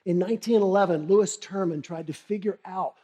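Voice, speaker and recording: Middle aged guy doing a funny motivational keynote, lively storyteller acting out characters. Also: sits high, brisk. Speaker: keynote speaker.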